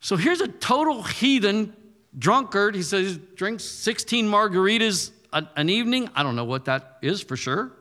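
A man in his thirties preaching in a conversational style, punchy and rising to forceful declarations. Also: high-pitched, animated, normal speed, long reverb tail. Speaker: pastor. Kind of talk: sermon.

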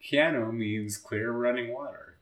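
A man's voice: medium pitch, a little slow, fairly bright tone. A man co-hosting a podcast in casual chat, with a dry, teasing manner. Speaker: podcast co-host. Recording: roomy echo.

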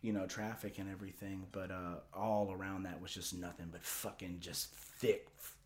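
A man's voice: low-pitched, level tone, moderate pace. A man casually telling a long story as a podcast host, rambling and profane, with lots of filler words.

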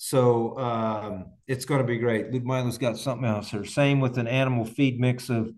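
A man's voice: medium pitch, fairly even intonation, normal speed, darkish tone. A man hosting a farming podcast, from Indiana, chatting casually and enthusiastically with listeners and answering their questions, with plenty of restarts. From Indiana, United States. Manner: rambling, enthusiastic, frequent restarts. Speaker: podcast host and farmer. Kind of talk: casual live-stream chat answering questions.

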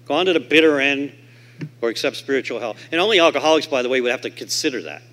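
A man speaking at a convention stage mic, telling his recovery story to the audience and acting out the voices of the people in it. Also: quick pace. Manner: animated storyteller who acts out quoted voices; swings from loud and emphatic to low and quiet.

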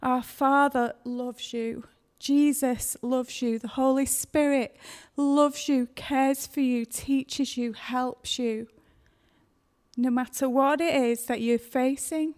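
A woman giving a gentle, emotional devotional talk, speaking tenderly about faith. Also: fairly high pitch. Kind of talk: devotional sermon.

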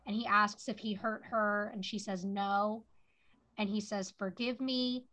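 A woman's voice: medium pitch, fairly even intonation, measured pace, sharp tone. A woman co-hosting a podcast, recapping a TV episode in casual chat, full of "like" fillers. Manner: chatty, lots of "like" fillers. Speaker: podcast co-host. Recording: dull lo-fi audio.

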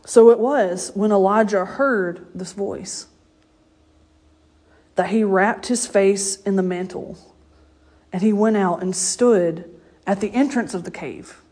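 A woman's voice: mid-range voice, takes it slowly, long pauses, warm tone. A woman preaching a casual, story-filled sermon. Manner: conversational storytelling, laughs often. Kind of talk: informal sermon.

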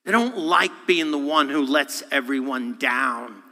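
A man's voice: medium pitch, measured pace. Man preaching in a reverberant church. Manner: animated, acts out voices and quotes; humorous, self-deprecating. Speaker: guest speaker. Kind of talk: sermon. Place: church sanctuary. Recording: long hall reverb.

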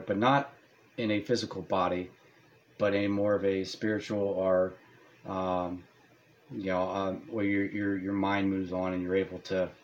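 A man's voice: on the low side, muffled recording. A man co-hosting a podcast in casual chat, rambling and hesitant with many restarts. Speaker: podcast co-host.

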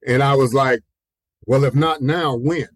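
As a guest in a conversational interview, a pastor near sixty recounts personal stories at a measured pace in a medium-pitched voice, over a rough recording. He's animated, voicing the people he quotes, laughing often in the middle of stories, repeating himself, and saying "you know" a lot.

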